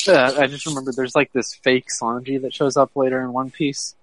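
A man co-hosting a casual podcast, chatting loosely, laughing often and slipping into gruff put-on voices. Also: mid-range voice, little pitch movement, a little fast, slight background noise, low-quality recording. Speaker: podcast co-host.

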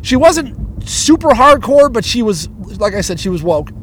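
A man's voice: extremely high pitch, very animated, moderate pace, a bit bright, slight background noise. A man hosting a podcast, ranting heatedly in casual talk, swearing constantly and stumbling over restarts. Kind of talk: casual profane rant.

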